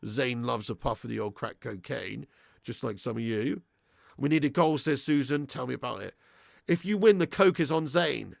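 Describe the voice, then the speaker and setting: A man's voice: medium pitch, lively intonation, moderate pace, creaky, no echo, studio quality. A young man hosting a live match watch-along, swearing freely and reading out viewer messages. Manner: crude, swearing fan banter; reads out viewer super chats. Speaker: fan channel host.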